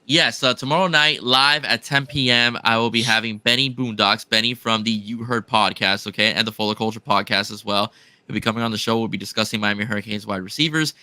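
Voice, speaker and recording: A man, a sports podcast co-host, casually laying out his upcoming episodes in a measured way. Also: on the low side, pushed and bright, no room sound. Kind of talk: casual chat.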